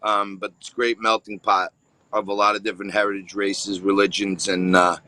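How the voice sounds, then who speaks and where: Male guest, thick New York accent, relaxed and talkative, bright tone. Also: lowish voice, a little fast, no echo. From Staten Island, New York. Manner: easygoing, talks with many fillers. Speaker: guest, news show host. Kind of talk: interview answers.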